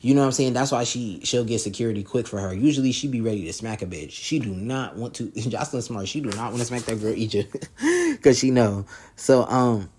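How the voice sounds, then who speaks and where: Male reviewer, casual slang recap, average pitch, laughs often and gets loud when he quotes people. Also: big pitch swings, fairly quick, breathy edge. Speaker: reality show reviewer.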